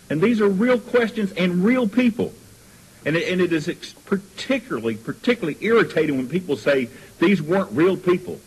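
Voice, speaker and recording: A man who is a school superintendent giving earnest, emotional testimony to a state board, telling a story and halting at times. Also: fairly high pitch, animated, husky, poor audio.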